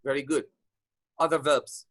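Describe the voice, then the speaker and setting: A man's voice: fairly high pitch, level tone, measured pace, fairly bright tone, no room sound, rough recording. A man teaches an online grammar lesson in a slightly raised voice, patient and repeating himself, with many fillers. The sound is dry and close. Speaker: English teacher.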